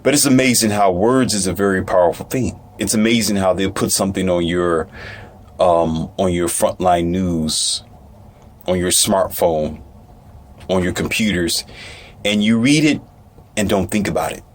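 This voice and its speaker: A man's voice: sits low, normal speed. A man giving casual commentary, reading news aloud with stumbles, asides and a dismissive streak.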